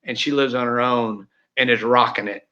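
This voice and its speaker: A man with a mid-range voice speaks at a normal speed with fairly even intonation and a sharp tone. He is a real estate team leader appearing as a guest in a casual interview, talking in a heartfelt, rambling way full of fillers and restarts. The audio is dull and lo-fi.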